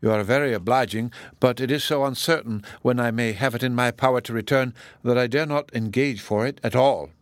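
A man's voice: medium pitch, fairly quick, no room sound, studio quality, close to an everyday voice. Give me a grave, formal middle-aged colonel, read by a man. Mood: restrained. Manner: formal and restrained.

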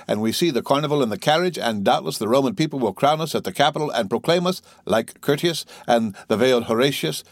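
A man reading an audiobook, voicing a flippant, mocking young French gentleman who talks in a breezy, teasing way. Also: mid-range voice, no room sound, pitched above the performer's own voice, lightly acted.

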